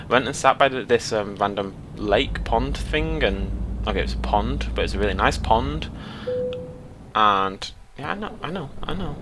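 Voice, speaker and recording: A young Englishman rambles and jokes through his gameplay commentary, talking straight to his viewers. His voice is bright and forceful, and his pitch leaps up and down. A faint hiss sits under the recording. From Britain. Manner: jokey, rambling, talks to viewers. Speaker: let's play host. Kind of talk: casual gaming commentary.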